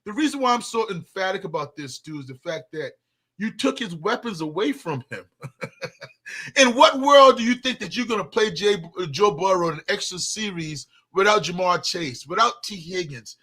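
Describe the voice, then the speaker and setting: A man's voice: high-pitched, expressive, moderate pace, pushed and bright. A man co-hosting a sports talk show, arguing emphatically and repeating words as he gets going. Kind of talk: casual sports debate.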